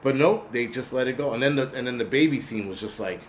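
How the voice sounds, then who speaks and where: Male host, casual profane rant, animated and laughing, mid-range voice, faint noise behind. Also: mid-range voice, fast. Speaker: channel host.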